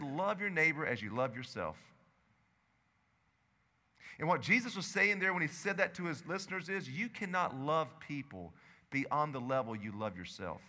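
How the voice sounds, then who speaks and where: Man, pastor, sermon, ringing bright voice, shifts from loud urgency to quiet hush, reverberant church hall. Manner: swings between loud urgent stretches and low hushed lines. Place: church sanctuary.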